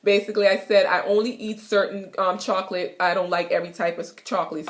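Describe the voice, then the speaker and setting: A woman's voice: medium pitch, steady tone. Chatty Jamaican woman teaching slang. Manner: chatty, repeats each phrase slowly. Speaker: language teacher vlogger. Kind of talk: casual video lesson. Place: her apartment. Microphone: self-recorded camera.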